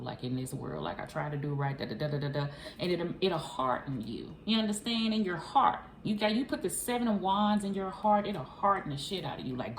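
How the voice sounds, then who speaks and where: A woman's voice: on the low side, echoey room, a little hiss or hum. A woman giving a chatty, emphatic tarot reading to her viewers, speaking casually with frequent profanity. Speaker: tarot reader.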